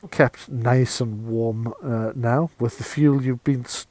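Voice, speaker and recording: A man's voice: medium pitch, slow pace, no room sound. Man narrating a tabletop game. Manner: relaxed, chatty, laughs easily. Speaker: game master.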